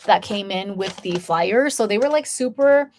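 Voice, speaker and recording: A woman's voice: medium pitch, animated, moderate pace, a little mellow, a little hiss or hum. A woman in her thirties telling a story to her viewers in a chatty, casual way, full of "like" and acted-out quotes. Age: 30s. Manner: chatty, lots of "like", acts out quoted voices. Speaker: vlogger.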